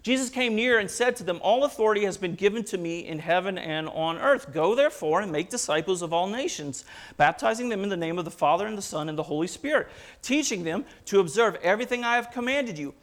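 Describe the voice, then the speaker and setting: A pastor preaching a sermon with passion, building through rhetorical questions and quoted scripture. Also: male voice, high voice, animated, quick pace.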